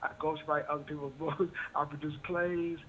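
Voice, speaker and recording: A talkative man joins a radio show as a guest author, answering questions in a friendly, chatty manner. His voice is fairly high and bright, with faint noise behind it. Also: flat delivery, normal speed, dull audio. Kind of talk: radio interview.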